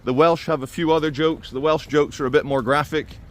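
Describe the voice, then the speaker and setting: A man talking through his opinions in a casual, animated monologue to camera. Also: on the high side, fairly quick. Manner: conversational and animated, with quoted impressions. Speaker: video commentator.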